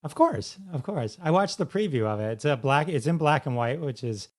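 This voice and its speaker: A man's voice: on the high side, lively intonation, a little fast. A man hosting an interview podcast, asking questions in an eager, casual way and often saying "like" as a filler. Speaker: podcast host.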